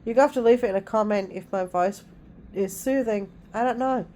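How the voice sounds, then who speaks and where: Calm-voiced middle-aged woman chatting. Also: on the high side, brisk. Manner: calm, soothing way of talking. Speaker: vlogger and mother. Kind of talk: casual chat vlog. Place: at home.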